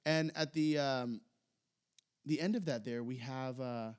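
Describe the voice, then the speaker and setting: A man's voice: medium pitch, measured pace, smooth. Male podcast co-host, casual rambling delivery with hesitations. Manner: rambling, hesitant, gets excited. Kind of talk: casual chat recapping wrestling.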